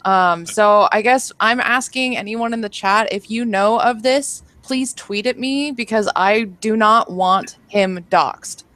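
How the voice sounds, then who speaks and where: A woman in casual group voice chat who talks blunt and quick and swears heavily. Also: mid-range voice, fairly bright tone, dry recording. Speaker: livestream guest.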